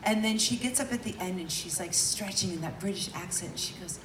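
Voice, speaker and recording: A woman radio host telling a story in casual interview chat, animated and gushing. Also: lowish voice, brisk. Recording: roomy, distant mic, loud crowd and noise.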